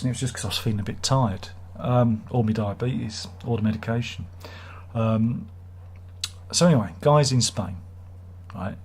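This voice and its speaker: A man's voice: mid-range voice, a little mellow, slightly rough. A man hosting a casual live stream, reading out viewer comments and joking in a rambling, self-mocking way.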